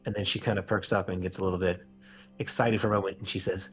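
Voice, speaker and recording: A man's voice: low voice, little pitch movement, fast, highs cut off, faint music behind. A man narrating as game master of a tabletop game.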